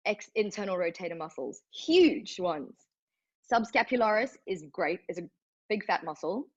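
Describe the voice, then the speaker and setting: A woman's voice: medium pitch, lively intonation, moderate pace, breathy edge, highs cut off. A woman teaching yoga anatomy in a live online workshop, upbeat and encouraging, asking questions of her class in the chat.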